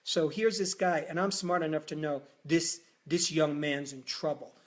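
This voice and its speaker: A man hosting a live talk, telling a personal story in a lively way and acting out the dialogue. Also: a little high, moderate pace. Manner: animated, acts out quoted dialogue. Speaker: host.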